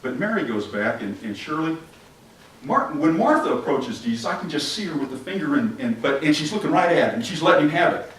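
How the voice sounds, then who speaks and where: Man, pastor, animated interactive sermon, echoey church, distant mic, faint background hiss. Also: fairly high pitch, a little fast. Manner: animated, asks the congregation questions and acts out scenes. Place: church sanctuary.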